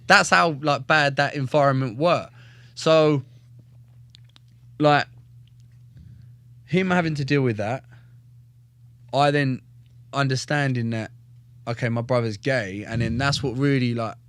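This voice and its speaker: This man, a professional fighter, tells his life story on a podcast in a casual, blunt, profane and joking manner, often tripping up and repeating words. His mid-range voice is a bit bright, clear and resonant, with no echo, and he talks a little slowly with long pauses.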